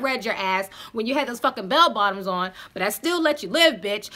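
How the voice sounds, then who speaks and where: A young woman in her twenties tells a storytime to her viewers in a casual, profane way. Her voice sits fairly high and sounds bright and forceful. She keeps the telling animated and talks straight to the audience. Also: fairly quick, few pauses. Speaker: vlogger.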